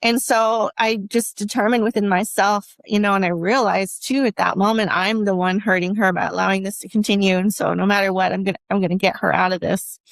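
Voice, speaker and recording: A woman giving emotional personal testimony as an interview guest, speaking earnestly and haltingly with many restarts. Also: mid-range voice, fairly even intonation, vocal fry, no room sound.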